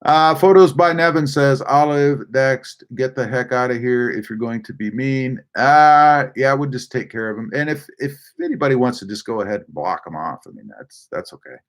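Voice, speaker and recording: A man's voice: medium pitch, moderate pace, hardly any pauses. A man hosting a casual live stream, reading viewer chat aloud with many fillers and hesitations. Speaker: livestream host.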